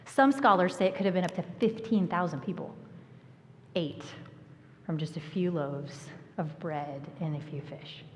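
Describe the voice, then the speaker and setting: A woman preaching a sermon, telling the story with lively acted-out lines and sudden hushed asides. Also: fairly low pitch, moderate pace, a little hiss or hum. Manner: animated storytelling, acting out voices and dropping to a whisper. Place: church sanctuary. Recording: long church hall reverb.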